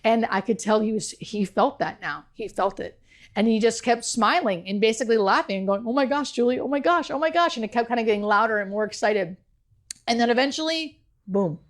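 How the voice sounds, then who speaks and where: A woman's voice: mid-range voice, moderate pace, pauses often. Earnest woman telling a heartfelt story. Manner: earnest, heartfelt, many "like" fillers. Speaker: guest. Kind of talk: emotional personal storytelling in an interview.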